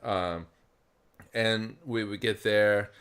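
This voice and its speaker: A man's voice: on the low side, fairly even intonation, extremely slow, fairly bright tone, smooth. A man from South Carolina co-hosting a podcast in casual chat, dropping dry, teasing asides. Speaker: podcast co-host.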